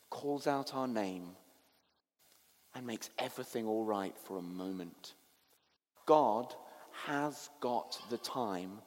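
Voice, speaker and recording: A man preaching a sermon as pastor, telling a story that swings between hushed and animated. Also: mid-range voice, in a large hall.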